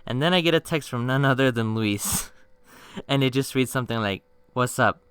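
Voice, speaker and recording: A young man telling funny stories on his channel in a slangy, swearing casual style, with bursts of mock-outraged yelling. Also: medium pitch, normal speed, smooth, dry recording. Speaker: storytime youtuber. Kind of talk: casual storytime narration.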